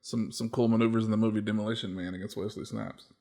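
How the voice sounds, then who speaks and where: A man's voice: lowish voice, level tone, quick pace, warm tone. Easygoing joking man on a podcast. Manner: joking, easygoing, laughs along. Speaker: podcast co-host. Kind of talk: casual gaming podcast chat.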